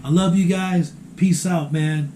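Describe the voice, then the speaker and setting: A middle-aged man talks to his viewers in a casual vlog. His voice is slightly high yet mellow. He trips over repeated words and caps his phrases with "man", over a faint hiss of background noise. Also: steady tone, a little slow. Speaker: vlogger.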